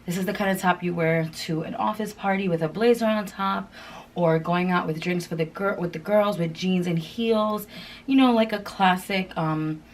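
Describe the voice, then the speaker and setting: A woman's voice: on the low side, normal speed, low-quality recording. A woman chatting through a clothing try-on haul, gushing and chatty with lots of fillers. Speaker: fashion vlogger.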